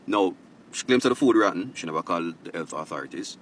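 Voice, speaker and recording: Casting deep-voiced Jamaican co-host, rapid and sharp, a bit distant from the mic. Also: male voice, expressive, a little hiss or hum. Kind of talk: news commentary chat.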